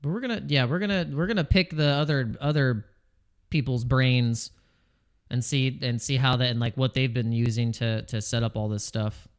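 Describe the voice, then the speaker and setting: A man's voice: medium pitch, fairly even intonation, moderate pace, smooth. A man hosting a casual crypto livestream, joking and rambling, reading chat names and restarting his sentences, wired on coffee. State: over-caffeinated.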